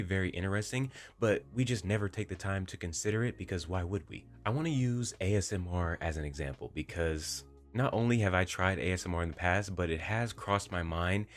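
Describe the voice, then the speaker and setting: A young man talking to his viewers in a gentle, inviting, emotive way, with deliberate pauses. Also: low-pitched. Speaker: voice-focused video creator. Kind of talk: reflective talk to camera. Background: faint background music.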